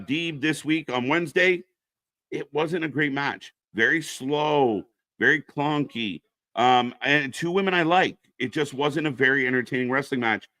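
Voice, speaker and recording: Bright-voiced man commentating wrestling live. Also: mid-range voice, dry recording, studio quality. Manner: chatty, reads chat names aloud, reacts to the match. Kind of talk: casual live alternative commentary.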